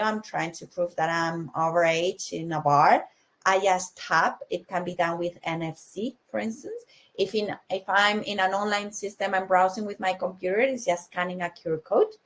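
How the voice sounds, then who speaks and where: A young adult woman with a cold, giving a conference talk on technology, explaining with frequent fillers and restarts. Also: medium pitch. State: has a cold. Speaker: conference speaker.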